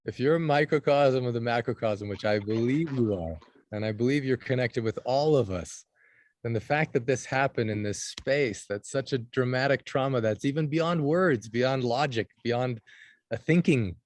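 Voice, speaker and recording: A man hosting a group video call who responds warmly and with affirming words, repeating phrases and laughing often. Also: mid-range voice. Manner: affirming, repetitive, quick to laugh. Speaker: host.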